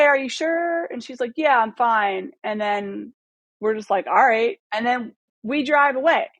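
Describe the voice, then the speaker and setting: A woman in her thirties, a podcast guest telling a long story in a casual, animated way, swearing freely and acting out the dialogue. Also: medium pitch, creaky, no echo. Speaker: podcast guest, photographer and former model.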